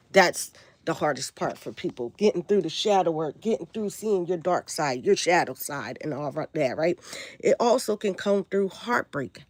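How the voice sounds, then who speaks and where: A woman with a flu-raspy voice hosting a casual spiritual livestream, preaching and checking in with her viewers. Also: deep voice, dry recording. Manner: preachy, asks viewers if they follow.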